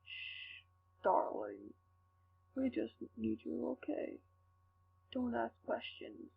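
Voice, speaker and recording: A woman's voice: on the high side, sing-song, heavily acted. A woman voicing a sneering, taunting male demon villain in a fanfic reading. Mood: sly. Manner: taunting, slow and sly. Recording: tinny lo-fi with faint hum.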